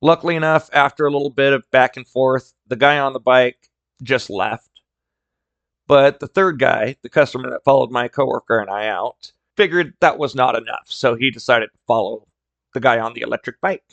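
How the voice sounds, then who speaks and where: A man's voice: medium pitch, normal speed, a bit bright, no echo, dull audio. Blunt, candid male podcast host. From rural area. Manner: candid, blunt, casual swearing. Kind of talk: solo podcast storytelling.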